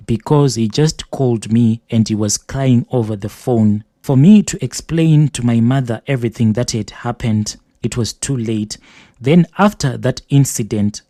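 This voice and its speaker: Male host, reads listener confessions aloud, steady and measured, warm tone, dry sound. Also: mid-range voice, dry recording. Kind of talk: reading a letter aloud.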